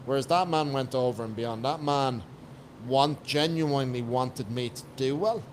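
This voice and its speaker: A man's voice: mid-range voice, moderate pace, a little hiss or hum. An Irish man from Ireland, a guest coach on a podcast, talking in a blunt, emphatic way and swearing freely. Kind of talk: casual podcast chat.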